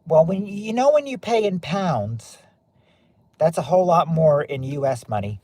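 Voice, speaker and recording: Speaking to his chat on a laid-back stream, this Southern US host rambles and repeats himself. His fairly high voice is expressive, a little slow, and darkish, recorded with no room sound.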